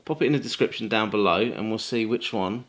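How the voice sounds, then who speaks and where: A man's voice: lowish voice, brisk, fairly bright tone. A man, co-hosting a hobby channel in casual, upbeat chat with a friend. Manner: upbeat, chatty, bantering. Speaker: channel co-host and editor.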